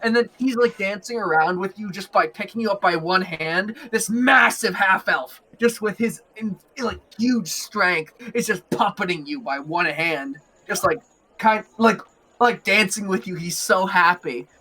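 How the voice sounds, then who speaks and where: A man's voice: high-pitched, measured pace, sharp tone. A young man narrating as game master in a rambling, giggly way full of fillers.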